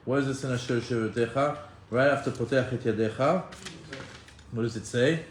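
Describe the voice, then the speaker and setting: A man teaching a Torah class in an animated way, acting out quoted voices and often restarting his sentences. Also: medium pitch, fairly quick, slight background noise. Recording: echoey room with faint ambience.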